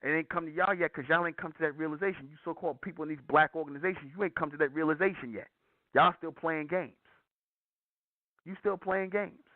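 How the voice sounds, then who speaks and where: A man's voice: on the high side, dry recording. A man hosting a call-in show, lecturing his listeners in an emphatic, repetitive way. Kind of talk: preachy call-in monologue. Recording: tinny phone-like line.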